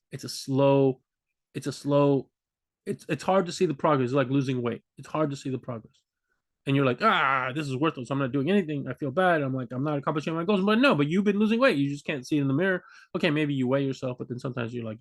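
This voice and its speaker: A man, a language learning vlogger, talking unscripted to camera in a rambling way, restarting sentences and acting out confused learners. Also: a little high. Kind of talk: unscripted casual talk to camera.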